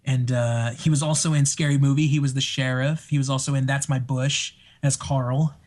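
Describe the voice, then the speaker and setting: A man telling stories in a casual podcast chat, excitable and laughing often as he acts out what people said. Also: mid-range voice, normal speed, slight background noise. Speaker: podcast guest.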